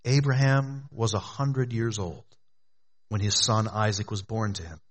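A man pastor preaching an earnest, exhorting sermon, often dropping low and quiet for emphasis. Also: fairly even intonation, unhurried.

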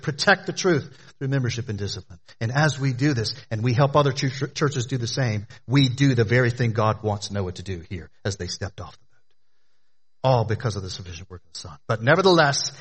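A man's voice: medium pitch, lively intonation, fairly quick, a bit bright, slightly rough. A man preaching a sermon as pastor, with emphatic, repetitive phrasing, sometimes speaking directly to the children in the congregation.

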